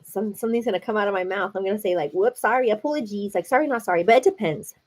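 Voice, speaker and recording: A woman's voice: medium pitch, racing. A young American woman hosting a livestream, chatting casually with viewers and saying "like" and "girl" constantly. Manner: chatty, says "like" and "girl" a lot. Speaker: livestream host. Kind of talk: casual chat with live viewers.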